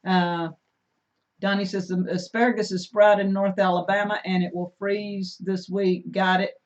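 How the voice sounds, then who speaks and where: A middle-aged woman co-hosts a casual homesteading live stream, her medium-pitched voice fairly flat and moderately paced. She chats and reads viewer comments aloud over dull, lo-fi stream audio.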